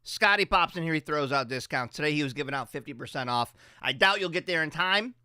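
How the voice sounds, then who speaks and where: A man's voice: a little high, lively intonation, fast talker, pushed and bright, smooth, no room sound, clean studio sound. A man hosting a radio show, talking in a loose, profane, rambling and jokey way. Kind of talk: casual chat on a morning radio show. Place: radio studio.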